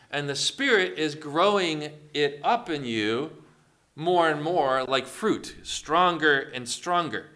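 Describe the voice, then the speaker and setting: A man's voice: fairly high pitch, sharp tone. A man preaching a sermon, asking the congregation questions and acting out quotes along the way. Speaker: pastor.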